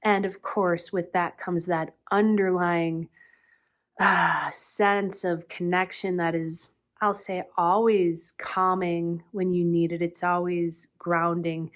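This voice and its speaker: A middle-aged woman giving a reflective spiritual talk, earnest and unhurried, often pausing with "um". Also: lowish voice, level tone. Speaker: spiritual teacher.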